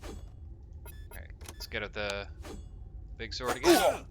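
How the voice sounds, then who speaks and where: A man's voice: medium pitch, wildly swooping pitch, slow, music in the background. A man hosting a let's play, chatting casually through his gameplay and reading the game's text aloud. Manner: casual, reads game text aloud, self-directed chatter. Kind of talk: gameplay commentary.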